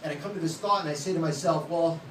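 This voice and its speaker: This late-thirties comedian speaks quickly in a highish voice, mocking himself bluntly and crudely during a club stand-up set. It's recorded from a distant mic in an echoey room full of loud background noise.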